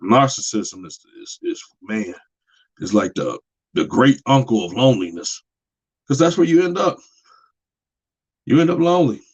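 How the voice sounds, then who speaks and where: A man's voice: medium pitch, sing-song, moderate pace, pauses often, slightly rough, highs cut off. A man talking in a casual monologue about relationships, plain-spoken and preachy, repeating his points. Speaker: podcast host.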